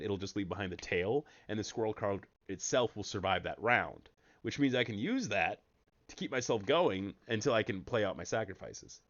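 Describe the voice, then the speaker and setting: Playful, lively man streaming a game. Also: muffled recording. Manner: playful and jokey, with sudden high excited yelps. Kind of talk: casual gaming commentary.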